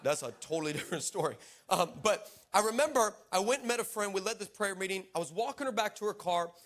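A man preaching a sermon in church, telling a funny story in an animated, playful way and teasing the congregation. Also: high-pitched, fast.

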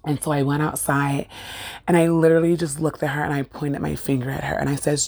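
A middle-aged woman hosting her own show, telling an earnest spiritual story in a casual, animated way. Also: low-pitched, fairly quick, creaky. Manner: earnest, conversational, animated retelling. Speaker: podcast host.

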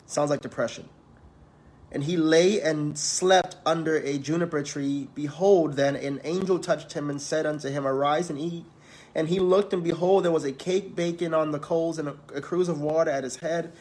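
A man's voice: on the high side, fairly even intonation, moderate pace, a little mellow. A man preaching, reading scripture aloud and talking to the congregation in a conversational way. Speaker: preacher and counselor in training.

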